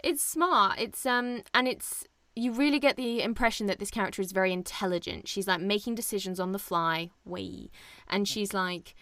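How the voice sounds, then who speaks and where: A woman co-hosting a podcast, chatting casually about a film, animated and laughing often. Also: medium pitch, normal speed, dry recording. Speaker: podcast co-host. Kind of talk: casual film review chat.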